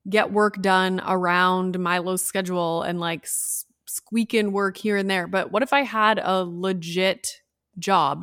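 A woman's voice: on the low side, a bit bright, no room sound. A woman in her thirties talks through her own story on a solo podcast, recorded at home. She keeps saying "like" and slips into the voices of the people she quotes. The sound is close and dry. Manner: chatty, peppered with "like", acts out quoted voices. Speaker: podcast host.

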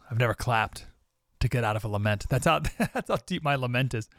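A man with a young child hosts a podcast, speaking reflectively and directly to his listeners while reading scripture conversationally. His medium-pitched voice is expressive and a little fast, with background noise in the recording.

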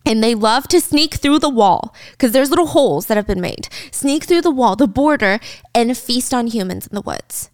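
A young woman with a slightly high voice tells a book's story in a lively, chatty way. She slips in and out of quoted lines as she goes. The sound is close and dry. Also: normal speed, no room sound. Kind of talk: casual book recap chat.

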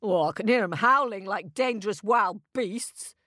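A woman's voice: medium pitch, normal speed, fairly bright tone, no echo, clean studio sound, natural voice. A woman voicing a stern, doubting male hunter who growls his lines. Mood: gruff. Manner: growling, skeptical.

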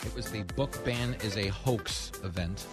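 A man hosting a comedic political talk radio show, talking in an animated way and acting out voices in quotes. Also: fairly low pitch, measured pace, over music. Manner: animated, acts out voices in quotes, rising to shouts.

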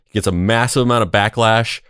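A man's voice: fairly low pitch, steady tone, brisk, fairly bright tone, clear, resonant tone, dry recording, clean studio sound. A man co-hosting a podcast, chatting casually and joking with crude humor. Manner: joking, acts out mocking impressions. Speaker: podcast co-host. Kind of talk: casual comedic chat.

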